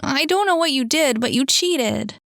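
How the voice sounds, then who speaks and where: A woman's voice: high-pitched, lively intonation, moderate pace, gravelly, fairly bright tone, no echo, clean studio sound, pitched above the performer's own voice, exaggerated voice. A woman voicing a whiny younger brother who complains about losing a game.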